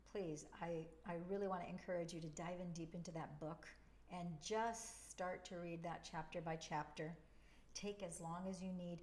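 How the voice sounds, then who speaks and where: A woman hosting a spoken advice video, talking directly and emphatically and repeating phrases for stress. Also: fairly low pitch. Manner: spirited and direct. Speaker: advice-giving video host.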